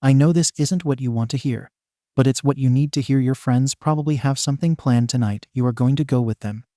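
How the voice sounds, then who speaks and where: A man's voice: mid-range voice, brisk, mellow, no echo, studio quality, lightly acted. A man voicing a stern, caring middle-aged mother in a storybook reading, firm and scolding.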